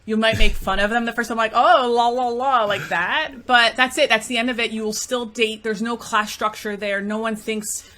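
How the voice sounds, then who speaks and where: With a voice on the high side, pushed and bright, this Greek podcast host and matchmaker talks at a moderate pace with fairly even intonation and hardly any pauses. She tells stories in casual chat, constantly filling in with "like" and "you know."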